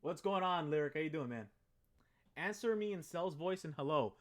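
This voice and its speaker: A young man streaming live, chatting loosely with viewers in an excitable, rambling way and swearing freely. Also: on the high side, normal speed. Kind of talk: casual live-stream chat.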